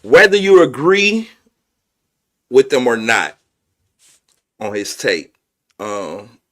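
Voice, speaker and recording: A man's voice: medium pitch, sing-song, slow, a bit bright. A man hosting a podcast, commenting casually and emphatically, speaking to his viewers and swearing freely. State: emotional. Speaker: podcast host.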